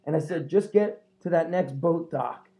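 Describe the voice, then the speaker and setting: A male podcast host telling stories with lots of energy and an easy laugh. His voice is mellow and warm, pitched a little higher than most men's, and he talks in casual, rough-edged chat. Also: normal speed. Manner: animated storyteller, swears, laughs often.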